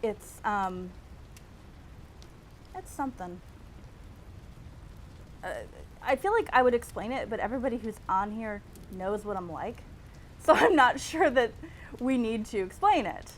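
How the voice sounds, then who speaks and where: A woman's voice: on the high side, lively intonation, unhurried, long pauses, a little hiss or hum, poor audio. Wry, chatty woman hosting a stream. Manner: chatty, wry and self-mocking. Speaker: host. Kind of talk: casual livestream chat.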